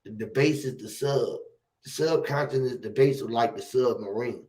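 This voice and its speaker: A man hosting a casual conversation, telling animated, profane stories and acting out the quotes loudly. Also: medium pitch, moderate pace.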